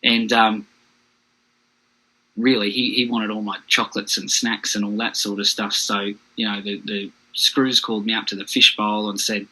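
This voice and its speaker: An Australian man appears as a podcast guest, frankly and plainly recounting a hard chapter of his own life. His voice sits lowish with little pitch movement, moving at normal speed with a sharp edge, and the recording is rough.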